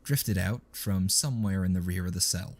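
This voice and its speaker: A man with a lowish voice narrating a story in a steady, measured way. His reading is scripted and even, a calm storyteller.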